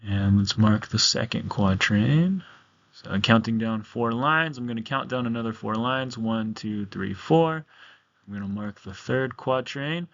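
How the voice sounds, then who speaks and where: A male teacher talks through a lesson on video in a relaxed, conversational way, full of fillers and check-ins. His voice sits at an ordinary middle pitch. The recording is a little muffled and lo-fi, like a computer mic. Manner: casual, talkative, many ums and okays. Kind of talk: recorded classroom lecture.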